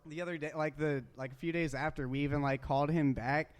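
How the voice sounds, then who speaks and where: Laid-back young man with a smooth voice. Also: on the high side, fairly even intonation, quick pace. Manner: laid-back, slangy, swears freely. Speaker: radio show co-host. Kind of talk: casual chat.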